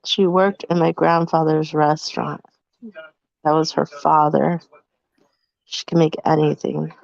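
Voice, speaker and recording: A woman co-hosting a casual live podcast, relaxed and trailing off with fillers. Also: deep voice, unhurried, vocal fry, dry recording, highs cut off. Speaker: podcast co-host.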